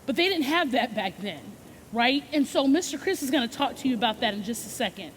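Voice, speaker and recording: A woman's voice: on the high side, animated, brisk, big-room sound, slight background noise. A woman hosting a children's Bible lesson, upbeat and coaxing, often checking in with "right?". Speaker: children's ministry host.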